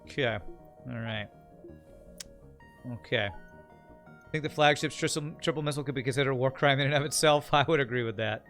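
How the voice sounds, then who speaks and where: A man's voice: mid-range voice, a little fast, long pauses, a bit bright, soft background music. A man streaming a strategy game, chatting casually, joking and thanking viewers as he plays. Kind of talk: casual live-stream commentary.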